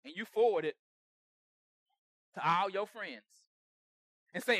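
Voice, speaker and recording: A man preaching a conversational sermon with humor, acting out everyday quarrels and swinging from soft asides to shouts. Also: high-pitched, takes it slowly, long pauses, no room sound, clean studio sound.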